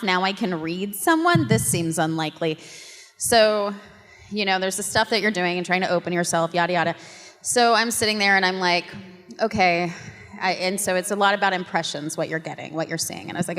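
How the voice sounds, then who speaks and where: Woman panelist, mid pitch, animated storyteller who acts out quotes; long hall echo. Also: a little fast. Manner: lively, laughing, acts out quotes. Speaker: voice actor on a convention panel. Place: convention panel room. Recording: reverberant convention hall.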